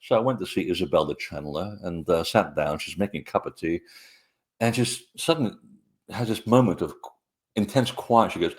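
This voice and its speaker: A middle-aged man, a guest author, telling anecdotes in a relaxed, rambling way with many hesitations. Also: deep voice, fairly quick. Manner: rambling, hesitant with frequent fillers. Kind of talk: conversational storytelling interview.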